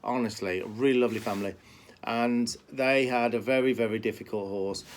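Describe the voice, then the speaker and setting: A man's voice: mid-range voice, steady tone, brisk, slight background noise. Rambling Brummie man, casual chat. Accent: Birmingham (Brummie), softened. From Birmingham, England. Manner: rambling, repeats words, many fillers. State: limping. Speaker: horse trainer. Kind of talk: casual talk to camera.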